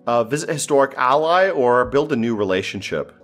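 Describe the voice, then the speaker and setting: A man's voice: mid-range voice, animated, brisk, fairly bright tone, soft background music. A man thinking aloud as he plays a strategy game, often exasperated and swearing. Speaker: gameplay commentator. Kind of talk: casual gameplay commentary.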